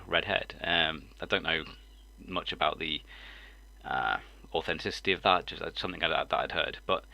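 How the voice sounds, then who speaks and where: A man's voice: low-pitched, sharp tone, dry recording. A man, a live-stream host, chatting casually, rambling and breaking into laughter often. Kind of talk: casual chat.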